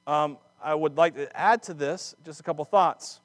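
A man preaching a sermon, acting out scripture dramatically with laughs and quick asides. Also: fairly high pitch, no echo. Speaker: pastor.

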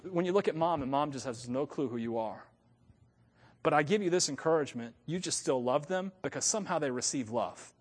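A man preaching a sermon as pastor, swinging from loud, emphatic lines to hushed ones and laughing at himself now and then. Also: a little high, long reverb tail. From North America.

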